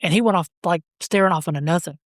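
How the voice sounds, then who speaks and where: A man, a podcast guest telling stories about his brother in a halting, rambling way. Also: a little high, no room sound, studio quality. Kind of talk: casual storytelling.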